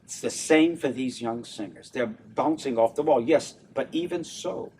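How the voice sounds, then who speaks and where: A man's voice: medium pitch, normal speed, a little hiss or hum. Older new orleans guy, opera tenor, chatty and laughing, kinda far from the mic. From New Orleans, USA. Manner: animated, laughing often, acts out voices. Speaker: opera tenor and stage director, interview guest. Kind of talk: casual interview chat.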